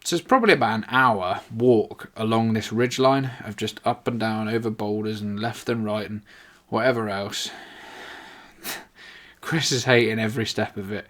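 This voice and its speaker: Low-voiced sweary man. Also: moderate pace, fairly bright tone. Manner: rambling, sweary, many "like" fillers. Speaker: storyteller. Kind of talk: casual anecdote.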